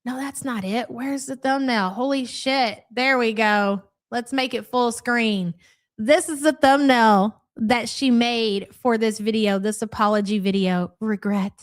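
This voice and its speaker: With a slightly high voice and a measured pace, a woman runs a live reaction stream. She reads viewer comments while talking in a crude, mocking, chatty manner.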